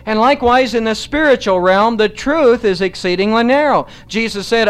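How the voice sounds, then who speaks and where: A man preaching a sermon in a measured, emphatic way, slowing down to stress key phrases. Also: high voice, lively intonation, clean tone.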